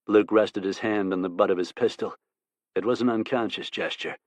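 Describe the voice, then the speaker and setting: Low-voiced male audiobook narrator. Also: steady tone, moderate pace, a little mellow, no room sound.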